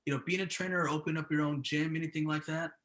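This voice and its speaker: A man's voice: on the high side, fairly even intonation, racing, fairly bright tone. A man hosting an interview, asking loose, rambling questions with fillers. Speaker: interview host.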